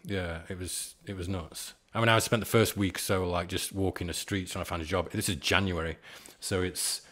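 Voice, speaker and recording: A man's voice: low voice, fairly even intonation, moderate pace, fairly bright tone. A man in his forties, a podcast guest telling stories in a rambling, self-deprecating way with frequent chuckles. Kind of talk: casual storytelling chat.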